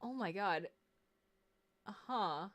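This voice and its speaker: A woman streaming a game reaction, gushing excitedly, swearing a lot and squealing at things she loves. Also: medium pitch, takes it slowly. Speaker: streamer hosting a watch party.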